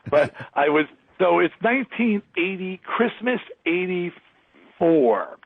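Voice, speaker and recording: A man's voice: high voice, very animated, takes it slowly, vocal fry, slightly rough, no room sound. A man in his sixties from Long Island, New York, telling a story in an interview, acting out other people's lines and laughing often. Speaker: guest, rock musician. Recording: dry, tinny phone line.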